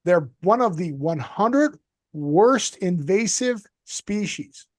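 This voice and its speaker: A man co-hosting a casual show over a video call, rambling through topics and slipping in deadpan jokes. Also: sits high, slow, dry recording, clean studio sound. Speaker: podcast co-host.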